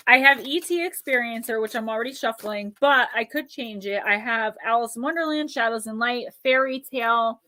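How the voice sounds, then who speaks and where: A woman hosting a live stream, chatting warmly with viewers and giving oracle card readings, slowing into a soothing cadence when she reads a card's message. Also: a little high. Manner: chatty and affectionate, reads cards aloud in a slow soothing cadence.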